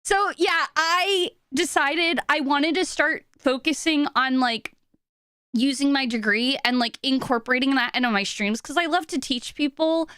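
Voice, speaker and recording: A woman's voice: high voice, a little slow, a bit bright, no room sound. A young woman streaming live, chatting in a flustered, rambling way with lots of fillers and restarts, emotional and close to tears. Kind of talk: casual live-stream chat. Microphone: desk microphone.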